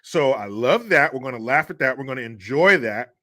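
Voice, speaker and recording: A man's voice: mid-range voice, lively intonation, brisk, sharp tone. A man hosting a podcast, ranting in a crude, mocking, profane way and laughing scornfully. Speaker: podcast host. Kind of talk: solo commentary rant.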